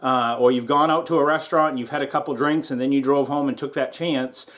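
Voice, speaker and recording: A man's voice: medium pitch, fairly even intonation, quick pace, a bit bright. A middle-aged man hosting a welding vlog, talking casually and laughing often as he calls his viewers guys. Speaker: YouTube welding channel host. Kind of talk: casual how-to vlog and storytelling. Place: partly outdoors in strong wind.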